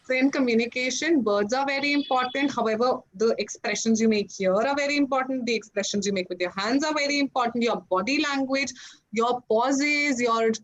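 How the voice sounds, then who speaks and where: Woman, Indian English accent, online workshop speaker, fairly high voice, dull lo-fi call audio. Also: fairly quick. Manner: lively, acts out example phrases. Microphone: video call.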